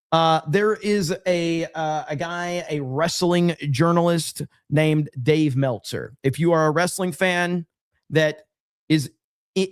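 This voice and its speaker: A man's voice: on the high side, dry recording, studio quality. A man hosting a livestream, reading super chats and rambling sarcastically to his chat. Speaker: livestream host. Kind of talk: casual livestream commentary.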